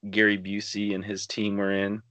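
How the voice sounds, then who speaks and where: A man's voice: on the low side, completely flat delivery, moderate pace, pushed and bright. A man hosting an interview, mostly giving short reactions and brief questions. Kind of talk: casual interview.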